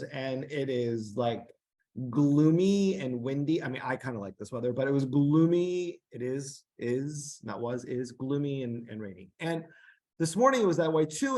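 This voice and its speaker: A man's voice: a little high, darkish tone. A man co-hosting a podcast, chatting casually in an upbeat way with lots of filler words. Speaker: podcast co-host. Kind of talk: casual chat.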